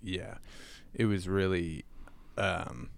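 A man co-hosting a podcast, relaxed and chatty, dropping dry one-liners. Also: low-pitched, takes it slowly, creaky, dry recording. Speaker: podcast co-host. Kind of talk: casual chat.

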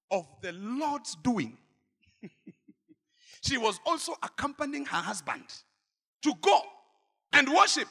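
A male pastor preaching a sermon in church, swinging from shouted exhortation to quiet asides. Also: extremely high pitch, creaky, breathy edge, in a large hall. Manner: dramatic, swings between shouting and murmuring asides.

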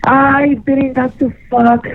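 A woman in Los Angeles calls in to a radio show, her voice sitting high but flat, speaking slowly over a tinny, dry phone line. Her casual chat is flirtatious and rambling.

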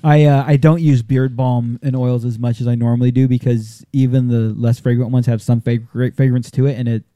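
Mellow-voiced joking male host. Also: mid-range voice, flat delivery, moderate pace, dry recording, studio quality. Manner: jokey, enthusiastic promoter. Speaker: podcast host. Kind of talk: casual chat.

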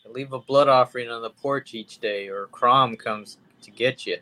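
Male podcast co-host, bright tone, quick casual interjections. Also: mid-range voice, poor audio. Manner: brief, offhand interjections. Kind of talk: casual movie chat.

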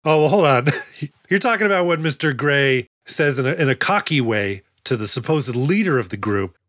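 A man's voice: medium pitch, lively intonation, normal speed, a bit bright, dry recording, clean studio sound. Jokey man on a movie podcast. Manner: jokey, acts out movie lines in goofy voices. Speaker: podcast co-host. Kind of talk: casual movie podcast chat.

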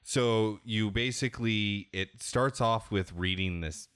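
A man's voice: on the low side, slow, a bit bright, clean tone, no echo, clean studio sound. A man hosting a podcast, candidly rambling through a casual game discussion and often restarting his sentences. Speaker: podcast host.

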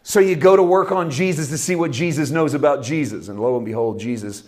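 A man preaching a sermon with impassioned delivery, dropping to a hush and rising to loud emphasis, stretching out key phrases. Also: fairly high pitch, brisk, hardly any pauses. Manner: impassioned, swinging from hushed to loud.

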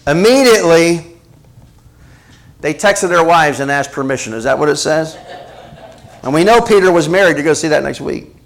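A middle-aged male preacher delivering a sermon, swinging between hushed asides and emphatic rhetorical questions. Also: on the high side, expressive, normal speed, long pauses.

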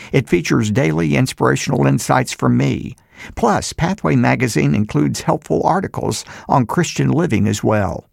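A man's voice: fairly high pitch, vocal fry. A man who is a pastor, speaking to a broadcast audience and preaching emphatically, reading scripture aloud. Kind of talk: sermon and broadcast introduction.

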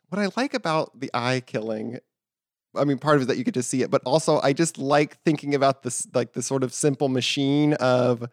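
A man's voice: mid-range voice, dry recording, clean studio sound. A man chatting on a podcast about a movie, rambling and laughing often. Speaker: podcast host. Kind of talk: casual podcast chat about a film.

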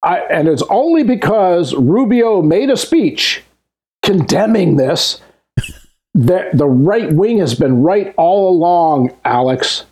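A man's voice: high voice, very animated, takes it slowly, a little mellow, husky. A man co-hosting a comedy talk show, joking and hesitating with many ums. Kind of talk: casual comedic banter.

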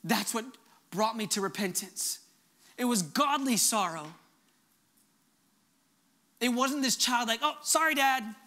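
A middle-aged man preaching a sermon in an earnest, emphatic way, at times dropping to a soft, quiet voice. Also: very high-pitched, expressive, slow, pauses often. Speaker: pastor.

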